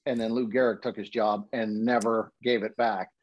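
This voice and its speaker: A hockey broadcaster guest in casual podcast chat, telling a story animatedly and jumping high in pitch to act out quotes. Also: male voice, flat delivery, moderate pace, no echo. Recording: dull, dry podcast audio.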